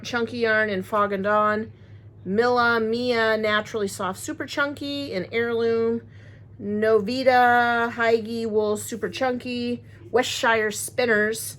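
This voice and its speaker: A woman chatting casually to her viewers, rambling and friendly as she unboxes crochet supplies. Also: fairly high pitch. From Wisconsin, USA. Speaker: crochet vlogger.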